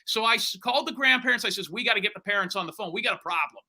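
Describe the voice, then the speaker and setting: A man's voice: sits high, rapid-fire, pushed and bright. A man working as a private investigator, telling his story bluntly in an interview and acting out the dialogue he quotes.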